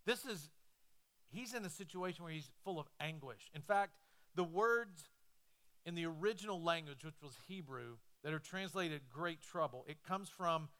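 A male pastor preaches a sermon in a church. His voice sits high and rings bright. He swings between animated, loud stretches and hushed, slow ones.

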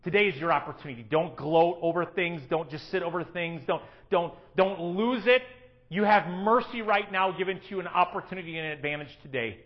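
A man preaching a sermon, swinging from hushed, quiet lines to loud, emphatic ones. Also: sits high, a little fast, dull audio.

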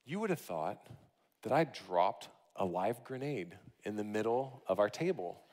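A man in his thirties preaching a sermon, telling a family story in an animated, laughing storytelling manner. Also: lowish voice, a little slow. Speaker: pastor. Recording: long hall reverb.

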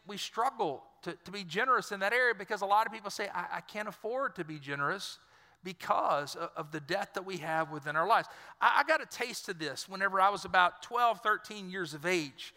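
Bright-voiced preacher man. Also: high voice, big-room sound. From Louisiana, US. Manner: storytelling, addresses congregation directly. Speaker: pastor. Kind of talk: sermon.

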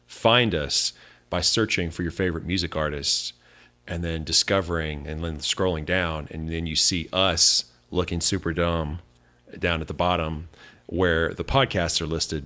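A man's voice: low voice, sharp tone. A young man co-hosting a podcast in casual chat, asking wry, dry questions. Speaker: podcast co-host.

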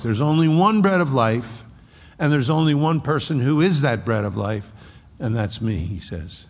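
A man preaching a sermon as pastor, emphatic, moving between raised and hushed delivery and explaining scripture with homely asides. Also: medium pitch, lively intonation, moderate pace, in a large hall. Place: church sanctuary.

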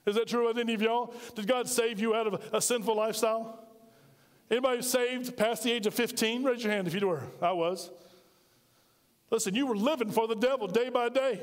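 A man's voice: very high voice, big-room sound. A male pastor preaching a sermon, firing off emphatic rhetorical questions.

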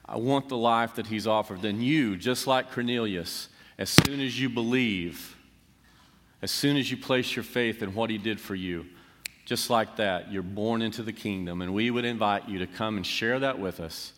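A man's voice: lowish voice, normal speed, a bit bright. Earnest male preacher in reverberant hall. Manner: earnest, preaching with rising emphasis and rhetorical questions. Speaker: pastor. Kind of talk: sermon. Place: church sanctuary. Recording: long church hall reverb.

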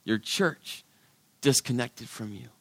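A middle-aged male pastor preaching a sermon, his delivery swinging from loud, emphatic lines to hushed, quiet ones. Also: medium pitch, slow, no room sound.

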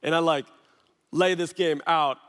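A man in his thirties, a pastor preaching a sermon through an animated personal story full of quick asides. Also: fairly high pitch, clear, resonant tone. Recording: long hall reverb.

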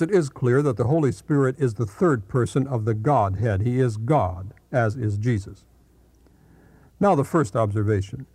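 A man reading a Bible commentary aloud in a measured, deliberate teaching manner. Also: medium pitch, warm tone, no echo.

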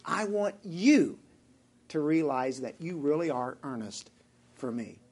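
A man's voice: fairly high pitch, animated, slow, darkish tone, breathy edge. A man with a Southern US accent who preaches a sermon as pastor, asking his congregation direct questions.

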